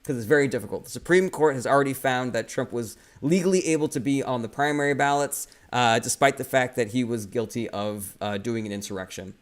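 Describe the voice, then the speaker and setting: A man's voice: medium pitch, brisk, hardly any pauses. A man hosting a political livestream, reading viewer comments aloud and answering them in a heated, profane, incredulous way.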